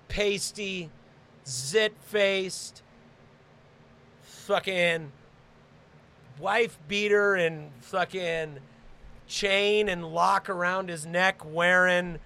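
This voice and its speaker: A man hosting a podcast, telling a crude story and shouting when he acts out scenes. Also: high voice. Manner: animated, shouts when reenacting. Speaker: podcast host.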